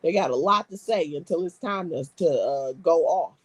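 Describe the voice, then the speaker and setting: A woman's voice: sits low, moderate pace, slightly rough, no echo. A woman hosting a live stream, reading viewer comments aloud and bantering in a brash, profane, streetwise way. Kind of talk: casual live-stream chat.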